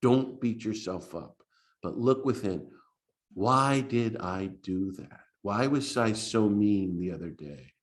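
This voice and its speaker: Earnest American priest giving a talk. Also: male voice, on the low side. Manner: earnest storytelling with restarts and lively quoted voices. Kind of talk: spoken talk.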